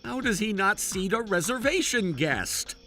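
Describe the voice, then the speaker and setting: Padre un uomo paziente e trattenuto. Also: male voice, sits high, very animated, measured pace, bright, forceful tone, soft background music. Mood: patient. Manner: restrained, earnest, simmering frustration. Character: patient father taking his daughter to dinner. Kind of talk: animated story voice acting.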